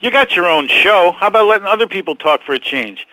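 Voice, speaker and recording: A man's voice: sits high, lively intonation, fast talker, bright, forceful tone, dry recording, low-quality recording. An actor playing a short, touchy male caller who mocks and scolds the host. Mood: indignant. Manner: sarcastic, mocking, indignant. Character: short bitter man caller, touchy and sarcastic.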